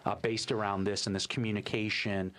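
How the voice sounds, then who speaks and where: A man co-hosting a podcast interview who chats warmly and prompts the guest to talk. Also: lowish voice, level tone, brisk. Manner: warm, chatty, introduces and prompts the guest. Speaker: podcast co-host.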